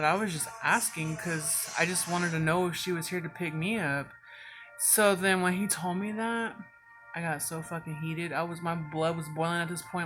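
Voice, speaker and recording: A woman telling a storytime vlog in casual chat, swearing freely and filling her speech with "like". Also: fairly low pitch. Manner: casual, heavy cursing, frequent "like" fillers. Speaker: vlogger.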